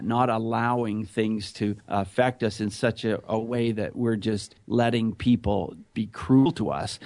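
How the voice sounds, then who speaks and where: A man's voice: medium pitch, darkish tone, dry recording. A middle-aged man telling his story earnestly in a conversational interview. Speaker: guest, anti-bullying speaker.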